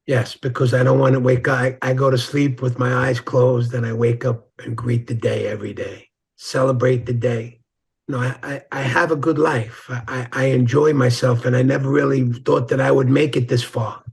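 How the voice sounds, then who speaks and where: Male guest, gravelly husky voice, blunt storyteller who acts out quotes. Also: mid-range voice, little pitch movement, moderate pace. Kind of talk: casual interview conversation.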